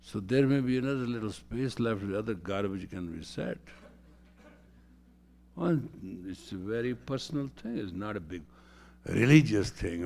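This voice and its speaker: A man's voice: lowish voice, expressive, normal speed, creaky, darkish tone, slight background noise. A man lecturing as a spiritual teacher, emphatic and repeating phrases for stress.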